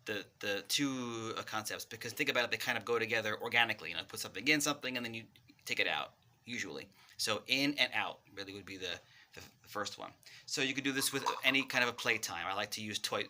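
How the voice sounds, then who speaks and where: A man who works as a speech pathologist, giving parents a casual, friendly lesson and acting out playtime with toys. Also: fairly low pitch. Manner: friendly, animated demonstrations with toys. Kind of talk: casual instructional talk to parents.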